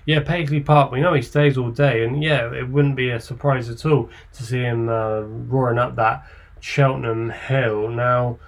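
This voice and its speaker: A man's voice: medium pitch, fairly even intonation. A man hosting a horse racing podcast, running through the odds and turning to his panel for their picks. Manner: measured, asks panel for picks. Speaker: podcast host. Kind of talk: racing tipping podcast chat.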